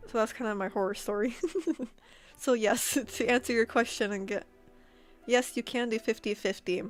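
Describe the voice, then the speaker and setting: A woman streamer chats casually with her audience, her voice smooth and clear. She tells stories in an animated way, laughing often and repeating herself. Soft music plays faintly underneath. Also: fairly high pitch, a little fast. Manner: animated, laughs often, repeats words while telling a story. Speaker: streamer and artist. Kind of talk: casual storytelling to chat. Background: faint background music.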